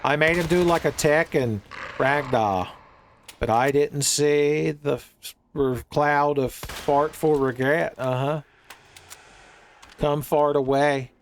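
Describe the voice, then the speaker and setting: Rambling, jokey game commentator. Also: male voice, fairly high pitch, takes it slowly, a little hiss or hum. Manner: rambling jokey riffing, calls viewers "son". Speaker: gaming streamer.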